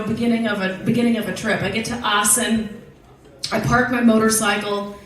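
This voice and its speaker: A woman telling a story from a stage, casual, animated and profane, often laughing. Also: fairly high pitch. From United States. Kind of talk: live storytelling. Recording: very echoey hall, voice from far off.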